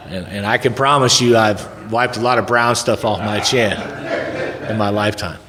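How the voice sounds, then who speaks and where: A man's voice: lowish voice, fairly even intonation, moderate pace, background noise. A middle-aged man telling a rambling, folksy recovery story to a room at a recovery event. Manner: folksy, rambling, conversational, drops in "man" and "right?". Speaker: recovery speaker. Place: large hall at a recovery event. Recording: long reverb of a big hall.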